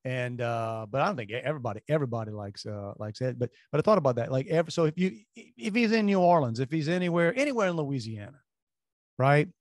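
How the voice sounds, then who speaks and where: A man's voice: mid-range voice, fast talker, dry recording. Male co-host, casual storyteller who rambles and restarts, dry studio sound. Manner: rambling, animated anecdotes with restarts. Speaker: radio show co-host.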